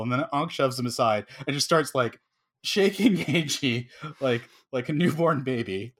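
A man's voice: mid-range voice, moderate pace, a bit bright. A man co-hosting a casual podcast, animatedly retelling a scene and acting out characters' lines. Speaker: podcast co-host. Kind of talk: casual chat.

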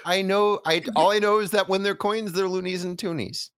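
A man's voice: high-pitched, fairly even intonation, normal speed, fairly bright tone, smooth, dry recording. A man co-hosting a casual movie podcast, recapping scenes in a jokey way and acting out characters. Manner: jokey, acts out characters in silly voices. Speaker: podcast co-host.

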